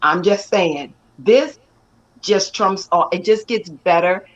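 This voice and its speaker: An actress and stunt performer telling stories with animated energy and frequent laughter during an interview. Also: female voice, fairly low pitch, slow, dull audio. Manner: animated, laughs often, lively storytelling. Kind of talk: excited storytelling in an interview.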